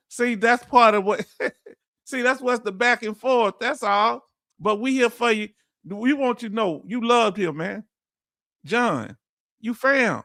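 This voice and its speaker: A man's voice: sits high, pushed and bright, dry recording, clean studio sound. A man hosting a casual livestream, reading viewer comments aloud and calling his audience family in a heartfelt, emotional way.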